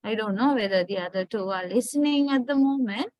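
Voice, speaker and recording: A woman's voice: on the high side, fairly quick, a little mellow, no room sound, dull audio. A woman with a Sri Lankan English accent, lecturing an online class and patiently explaining, often checking with "right?".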